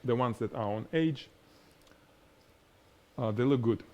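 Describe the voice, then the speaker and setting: A man with a strong Russian accent whose first language is Russian, teaching product photography on a live stream in an animated, demonstrating way. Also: mid-range voice, measured pace, dull audio. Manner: animated, explains by demonstrating, laughs at himself. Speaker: photography instructor.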